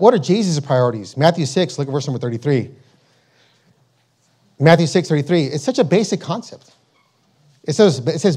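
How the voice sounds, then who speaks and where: A man preaching a sermon, emphatic and repetitive, slowing down to read scripture aloud. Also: a little high, a little mellow, breathy edge.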